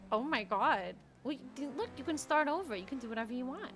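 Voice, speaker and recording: A young woman with a high, expressive voice talks quickly while streaming a roleplay game, chatting casually, giggling often, and muttering to herself. She mixes casual gaming chat with in-character roleplay, and faint music plays in the background.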